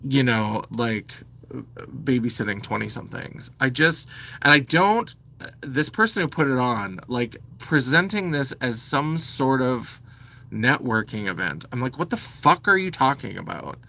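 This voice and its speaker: Animated, bright-voiced man ranting. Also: mid-range voice, unhurried. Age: 40s. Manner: animated, blunt, sweary, exasperated. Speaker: vlogger. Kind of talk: ranting to camera.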